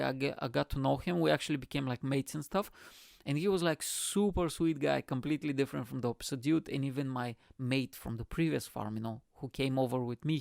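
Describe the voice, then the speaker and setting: A man's voice: medium pitch, gravelly, darkish tone, no echo, studio quality. A man, a podcast host, telling a long casual story in English, swearing freely and laughing often. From Bulgaria. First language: Bulgarian.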